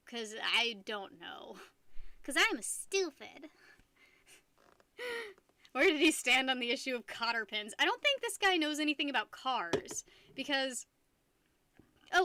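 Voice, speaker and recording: A woman's voice: high-pitched, pushed and bright, dry recording. A young American woman streaming live, chatting casually with her viewers in a giggly, rambling way that keeps restarting sentences. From United States.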